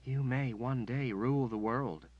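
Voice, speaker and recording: A man voicing a demure, flattering noblewoman in an audiobook, speaking softly in a slightly raised voice. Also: mid-range voice, unhurried, lo-fi sound, pitched above the performer's own voice, lightly acted.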